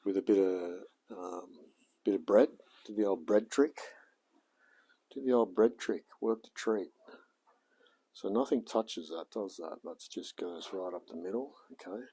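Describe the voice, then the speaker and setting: An Australian man in his forties talks to himself in a slow, unhurried drawl while tinkering in his garage. His voice sits low and mellow, with a husky grain to it, and he keeps up a running mutter of easygoing self-talk. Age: 40s. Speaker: home mechanic vlogger.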